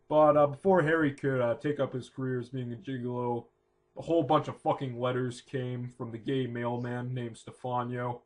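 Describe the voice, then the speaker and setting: A man telling an improvised parody story, rambling and crude, with constant fillers and trailing asides. His voice sits at an average middle pitch. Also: flat delivery, brisk. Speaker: comedic narrator.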